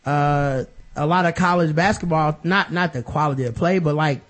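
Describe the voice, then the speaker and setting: A man's voice: on the high side, moderate pace, a bit bright. A man hosting a podcast, talking sports casually with loose, joking asides and trailing thoughts. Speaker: podcast host.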